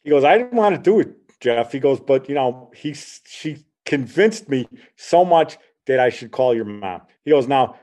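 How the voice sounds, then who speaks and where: An older man in his sixties hosts a casual chat show at a middling pitch. He tells meandering stories, chuckling as he goes and replaying old conversations line by line. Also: expressive, normal speed, few pauses, a little mellow. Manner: rambling, anecdotal, chuckling, retells dialogue with "he goes". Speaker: podcast host.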